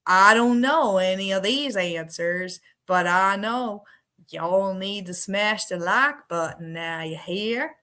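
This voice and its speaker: A woman putting on the voice of a cheerful, pushy adult male fan, with a slow, exaggerated drawl. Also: medium pitch, bright, forceful tone. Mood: teasing.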